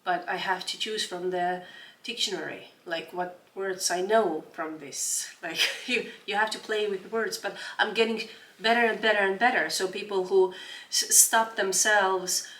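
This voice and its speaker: A woman's voice: medium pitch, fairly even intonation, a little slow, fairly bright tone. A woman in her forties from Estonia, speaking English as an as an interview guest, earnest and often restarting while she searches for words. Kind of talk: casual interview chat. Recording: roomy room, distant mic.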